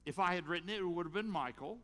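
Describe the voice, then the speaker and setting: A man preaching a sermon as pastor, retelling a story with lively rises and drops in his voice. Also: high voice, fast, in a large hall. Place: church sanctuary.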